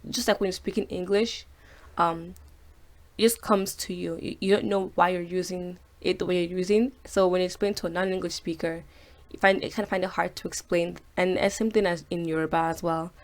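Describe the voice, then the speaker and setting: A woman hosting a casual video language lesson. She slows down to say each word twice so learners can copy it, then chats loosely with fillers between examples. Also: on the low side, fairly even intonation. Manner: slows down and repeats each word to model pronunciation; chatty, with fillers. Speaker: language teacher and host.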